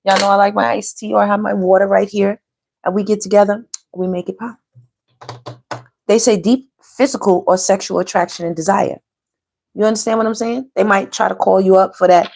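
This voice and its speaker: A woman's voice: mid-range voice, steady tone, a little fast, gravelly, a little mellow, a little hiss or hum. A woman giving a casual tarot reading, talking straight to her viewers and laughing often. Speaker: tarot reader.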